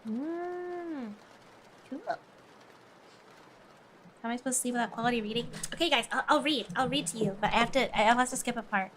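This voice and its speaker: Giggly girl streamer reading a book out loud, kinda high voice, faint hiss behind. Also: normal speed, pauses often. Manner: giggly, chatty, breaks off often to laugh. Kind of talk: casual chat and reading aloud.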